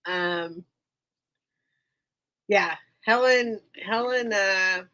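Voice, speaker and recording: A woman's voice: medium pitch, very slow, pushed and bright, poor audio. A woman hosting a casual live-stream sale, chatty and rambling, laughing often while recovering from being unwell.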